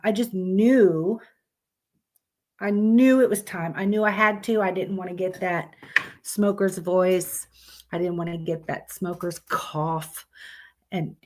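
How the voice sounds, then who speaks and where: A woman hosts a casual live stream. She talks bluntly and swears freely. She chats directly with her viewers in a mid-pitched voice. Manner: blunt, profane, chatty with viewers.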